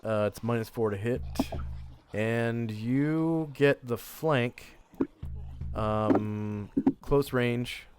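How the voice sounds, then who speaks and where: A man running a tabletop game in a slow, measured voice of middling pitch. He narrates rolls and results calmly, with faint music playing behind him. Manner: unhurried, measured, with fillers. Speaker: game master.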